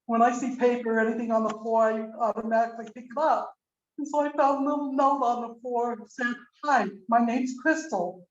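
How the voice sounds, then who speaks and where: An older woman with a slightly high voice speaks at a memorial service, rambling candidly through a family story and acting out each back-and-forth of dialogue. The sound is roomy and muffled, picked up from across a hall through a video call. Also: steady tone, fairly quick. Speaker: mourner giving a eulogy.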